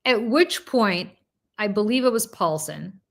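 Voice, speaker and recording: A woman hosting a political talk show, telling a story in an animated, casual way with asides and restarts. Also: mid-range voice, a little slow, vocal fry. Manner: slips into mocking quoted voices of politicians. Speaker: political commentator and show host.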